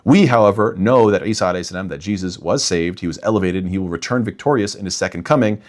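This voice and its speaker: A man's voice: sits low, quick pace, a little mellow. A young man talking straight to his listeners in an emphatic religious rebuttal, often calling them "guys". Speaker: imam and apologetics speaker.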